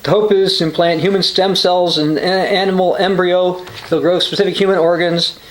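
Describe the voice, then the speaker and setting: Male preacher, high-pitched, reads quotes and scripture for a sermonette, some hesitations; roomy echoey sound. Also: level tone, normal speed. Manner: reads quotations aloud with frequent uh and restarts. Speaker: preacher hosting a religious news channel. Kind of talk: short sermon reading news and scripture.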